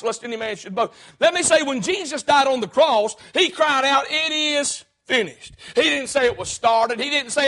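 High, bright-voiced preacher man. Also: lively intonation, moderate pace. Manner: emphatic, punctuates with "hey". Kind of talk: sermon.

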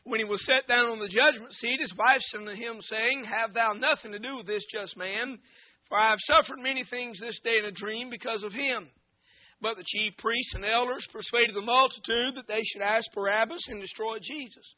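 A man preaching a sermon as a visiting preacher, reading scripture and praying, often rising to a shout. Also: extremely high pitch, steady tone, moderate pace, a little hiss or hum. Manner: shouting preacher cadence, fervent. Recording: tinny phone-like recording.

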